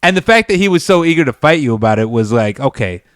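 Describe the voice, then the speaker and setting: A man's voice: mid-range voice, very animated, fast, no room sound, studio quality. A man co-hosting a podcast, joking and teasing with a lot of swearing in casual chat. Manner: joking, profane, teasing banter. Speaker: podcast co-host.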